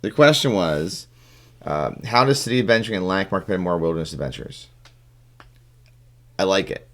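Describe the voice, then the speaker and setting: Male podcast co-host, very low voice, loose rambling delivery. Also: expressive, fairly quick, fairly bright tone. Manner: rambling, full of fillers and restarts. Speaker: podcast co-host and game judge. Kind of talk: casual podcast chat.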